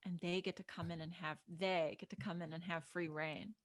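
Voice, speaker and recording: A woman's voice: lowish voice, little pitch movement, normal speed, no echo, clean studio sound. A woman co-hosting a casual chat, mostly backing up the host with short replies and chiming in briefly. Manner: backchannels a lot, chimes in briefly.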